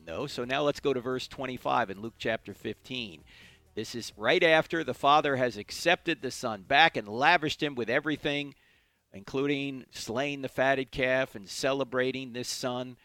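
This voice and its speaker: A man's voice: mid-range voice, moderate pace, pushed and bright, no echo, faint music behind. A man hosting a radio Bible teaching show, speaking emphatically and posing questions he then answers himself, into a studio microphone. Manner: emphatic, asks and answers his own questions.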